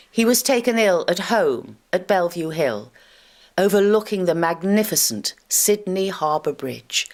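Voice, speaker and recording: A woman narrating a local history documentary in a measured, storytelling way. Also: on the low side.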